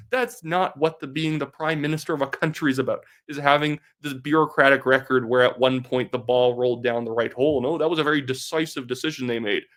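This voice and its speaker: A man's voice: on the high side, a bit bright. A young man from Canada giving casual political commentary, blunt and sarcastic, with lots of "like" fillers. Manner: fast talk with many filler "like"s.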